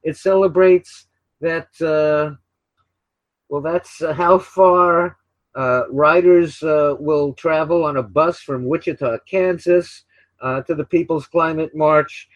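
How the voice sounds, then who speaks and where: An older man hosting his own radio show, talking in a rambling, opinionated way, often repeating words and filling pauses with uh and um. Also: on the high side, fairly even intonation, no room sound. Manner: opinionated, sarcastic. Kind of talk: casual solo talk radio monologue. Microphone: desk microphone beside a laptop. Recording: dull, slightly lo-fi dry recording.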